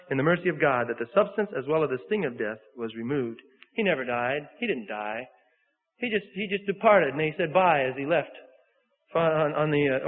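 A man preaching a sermon, earnestly reading an old account aloud and stumbling over words, repeating himself now and then. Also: a little high. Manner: earnest, with self-corrections and repeats. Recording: tinny phone-like sound in a reverberant hall.

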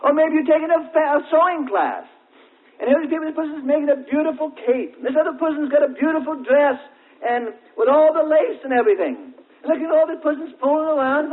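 High-voiced preacher on a tinny recording. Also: male voice. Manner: folksy storytelling with everyday examples; drawn-out, emphatic questions. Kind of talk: sermon. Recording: tinny, narrow-band old recording.

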